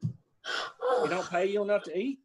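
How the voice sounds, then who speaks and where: Man doing a gruff Southern farmer. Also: high voice, unhurried. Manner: gruff, suspicious, drawling. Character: grumpy protective male farmer neighbor.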